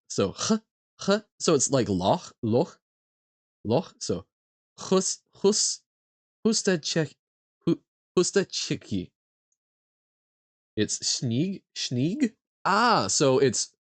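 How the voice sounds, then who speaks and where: Man sounding out foreign words, animated. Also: mid-range voice, no echo. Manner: sounds out foreign words haltingly, muttering guesses. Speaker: streamer. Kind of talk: thinking aloud during a live quiz stream.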